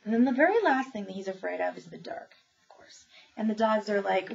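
A woman's voice: on the high side, animated, moderate pace, gravelly. A woman reviewing new children's books in a casual book talk, chatty and enthusiastic, with many ums as she retells each story. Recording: dull lo-fi sound with faint noise.

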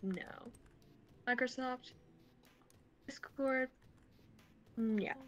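A woman's voice: high voice, drawn-out words. A woman co-streaming a video game, chatting casually in a bubbly, easily amused way. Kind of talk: casual chat while gaming.

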